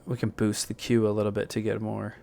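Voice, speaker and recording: A man hosting a music software tutorial, thinking aloud in a loose, rambling way with plenty of fillers and self-corrections. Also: lowish voice, completely flat delivery, brisk, vocal fry, background noise.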